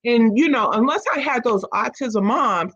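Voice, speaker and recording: A woman's voice: fairly high pitch, lively intonation, normal speed, fairly bright tone, dull audio. A woman in casual conversation as a guest, an autism mom telling her story with energy and acting out the voices of people she quotes. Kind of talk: casual chat.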